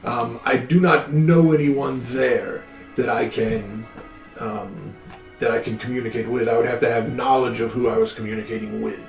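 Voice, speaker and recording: A man's voice: mid-range voice, fairly even intonation, moderate pace, vocal fry, natural voice. Man playing a formal, busy wizard professor. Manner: formal, stiff. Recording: echoey room with faint music.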